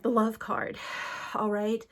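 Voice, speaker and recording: A woman giving a solo spiritual card reading, speaking in an earnest, unhurried way and calling out to unseen spirits. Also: a little high, completely flat delivery.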